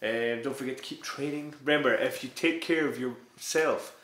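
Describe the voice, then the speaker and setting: A young man and karate student telling a laughing, animated story in casual chat, with a lot of swearing. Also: medium pitch, moderate pace. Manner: laughing, animated anecdote with profanity. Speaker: podcast co-host, karate student. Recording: roomy echo.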